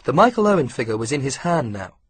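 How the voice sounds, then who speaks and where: A man reading an audiobook with steady, measured pacing. His voice is husky and breathy, sitting at an ordinary middle pitch. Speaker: audiobook narrator. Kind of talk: scripted narration.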